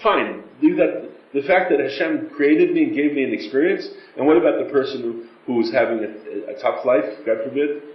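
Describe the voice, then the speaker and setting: A man's voice: medium pitch, moderate pace, few pauses. A middle-aged man teaching a class on prayer, speaking earnestly and acting out pleading prayers. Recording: roomy, dull lo-fi class recording.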